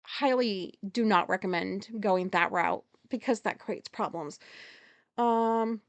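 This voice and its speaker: A woman hosting a podcast and telling a story at home in a rambling, profane way. She corrects herself often and gets loud and agitated as she retells a conflict. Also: medium pitch, no room sound. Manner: rambling, heavy swearing, quick self-corrections. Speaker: podcast host. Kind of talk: casual storytelling monologue.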